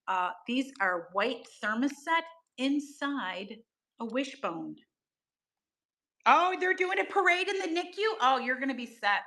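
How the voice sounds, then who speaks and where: A middle-aged woman with a slightly high, sharp-toned voice hosts a live-stream auction. She gushes over the items and greets viewers by name in a chatty selling style.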